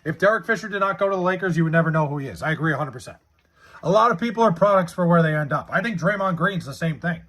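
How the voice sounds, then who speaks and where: Expressive and rapid-fire, a man with a fairly high, fairly bright voice streams live and reads chat. He chats casually, rambles, and swears freely while debating sports with viewers.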